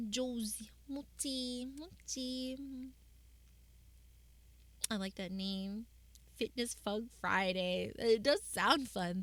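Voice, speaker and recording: A young woman streamer talks to her chat in a loose, rambling way, full of ums and restarts. Her voice is bright and forceful. The sound is dry and close, with no room around it. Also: medium pitch, dry recording. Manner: chatty, rambling with many fillers and restarts. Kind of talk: casual chat with viewers.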